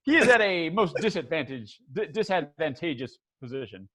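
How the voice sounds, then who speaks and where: A man with a high voice runs a tabletop game as its game master. He narrates in a rambling way, full of fillers and self-corrections. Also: big pitch swings, normal speed, noisy background. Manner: rambling, many fillers and restarts.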